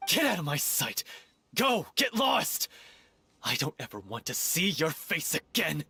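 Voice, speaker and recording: An actor playing a grief-stricken young male troupe actor who shouts accusations in game voice acting. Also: a little high, wildly swooping pitch, a little slow, gravelly, slightly rough, no echo, full character voice. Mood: furious.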